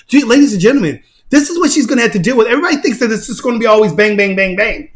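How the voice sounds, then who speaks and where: A man hosting casual commentary on a fight video, excitable, laughing and repeating himself. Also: high voice, very fast, hardly any pauses. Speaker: channel host.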